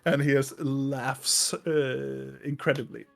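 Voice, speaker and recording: A man narrating a tabletop game as game master, halting with many fillers and restarts. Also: medium pitch, level tone, gravelly, a bit bright, soft background music.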